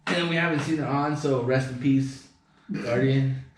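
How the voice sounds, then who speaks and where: A man's voice: mid-range voice, steady tone, moderate pace, far from the mic. A young man as a podcast guest, telling rambling stories in casual, profane chat with joking boasts. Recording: echoey room, voice off-mic.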